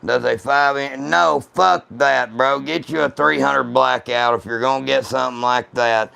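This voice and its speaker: A man hosting a casual gun-channel livestream, talking to viewers in rough, profane, blunt banter. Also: mid-range voice, steady tone, moderate pace, pushed and bright.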